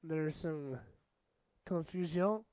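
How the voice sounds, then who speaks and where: Young guy doing casual rugby commentary, jokey and chatty, smooth clear voice, dry close sound. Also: a little high, drawn-out words, no echo. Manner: jokey, chatty, bursts into shouts at big plays. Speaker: match commentator.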